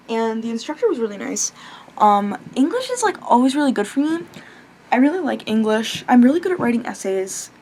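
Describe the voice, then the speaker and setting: A young adult vlogger with a slightly high voice rambles casually in a late-night vlog over slight background noise. Chatty and animated, she's full of fillers, restarts and casual swearing, occasionally breaking off to talk to her pet.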